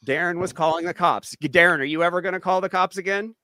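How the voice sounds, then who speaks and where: A man hosts a casual panel in a bright, slightly raised voice. He is blunt and swears, stumbling over restarts, and the sound is dry and close. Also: high voice, quick pace, no echo. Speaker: host.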